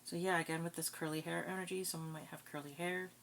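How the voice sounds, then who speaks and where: A woman giving a casual psychic reading, thinking aloud in a slow, musing way. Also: fairly low pitch, steady tone, a bit bright, slight background noise. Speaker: psychic card reader.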